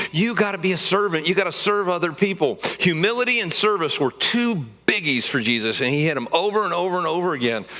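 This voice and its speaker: Guy preaching in church, chatty and jokey, kinda high and bright, punches his points. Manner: conversational, joking preaching with a rising, emphatic delivery. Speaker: pastor. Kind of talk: sermon.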